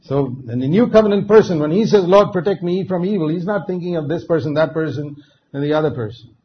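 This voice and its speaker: A man preaching a sermon, emphatic, dropping to quiet asides and then rising to loud, stressed words. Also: a little high, quick pace. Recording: dull lo-fi recording with faint noise.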